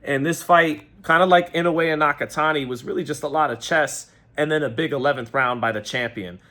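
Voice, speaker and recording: Rambling New boxing commentator. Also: male voice, on the high side, brisk, sharp tone. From New York. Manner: rambling, self-correcting. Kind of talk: casual fight-reaction commentary.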